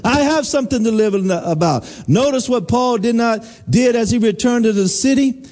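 High-voiced, mellow-toned man preaching. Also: moderate pace, hardly any pauses. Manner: preaching with call-and-response questions. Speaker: pastor. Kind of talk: sermon.

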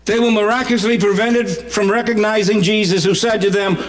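A man's voice: high voice, steady tone, brisk. A Bahamian man preaching a sermon, swinging his voice widely for drama and humor while he explains a scripture passage.

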